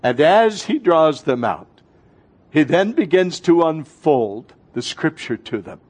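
A man preaching a fervent sermon as pastor, swinging between loud, urgent lines and hushed ones. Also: a little high.

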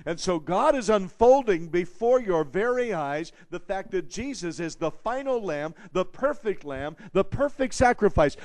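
A man with a slightly high voice preaching to his congregation, recorded dry and close with little room sound. He builds emphasis by repeating phrases and breaks it with wry, humorous asides. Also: a little mellow, no echo. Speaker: pastor. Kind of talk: expository sermon.

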